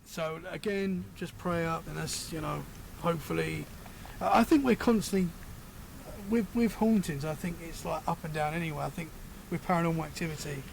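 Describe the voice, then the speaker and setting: A British man talks casually as a podcast guest, telling stories that ramble and double back as he fixes his words. His voice is gravelly and sits a little high. The recording carries a clear layer of background noise. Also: fairly even intonation, normal speed. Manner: rambling, self-correcting storyteller. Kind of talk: casual chat.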